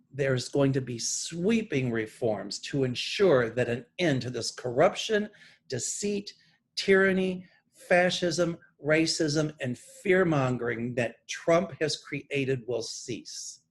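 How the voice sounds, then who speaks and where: A man's voice: mid-range voice, expressive, husky. A man working as a psychic, speaking straight to camera and reading channeled messages from his notes in an earnest, emphatic way. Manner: deliberate, pointed, emphatic political commentary. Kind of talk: earnest monologue read from notes.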